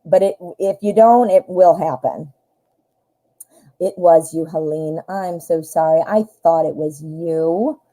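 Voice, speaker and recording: A woman's voice: low-pitched, slow, mellow, poor audio. A woman in her forties hosting a live tarot reading stream, chatting casually with fillers and self-corrections as she thinks aloud.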